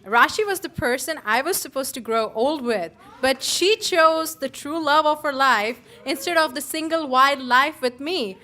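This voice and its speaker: Bride's close friend: woman with a bright, fairly high voice, heartfelt and teasing. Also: measured pace, few pauses. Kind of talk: wedding toast. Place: wedding reception.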